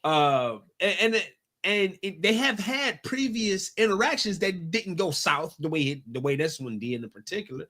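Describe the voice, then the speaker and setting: A man with a sharp, high voice and lively intonation co-hosts a relaxed sports talk show. He keeps stopping mid-sentence and beginning again while driving home his point.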